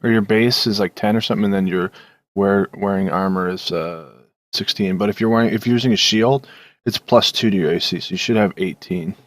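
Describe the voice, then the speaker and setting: A man's voice: fairly low pitch, fairly quick, no room sound. A man acting as game master, describing the action and explaining rules at length in casual table talk.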